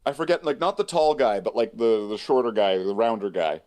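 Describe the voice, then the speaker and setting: A man's voice: lowish voice, a little fast, darkish tone. A man co-hosting a casual chat, rambling and laughing often. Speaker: co-host.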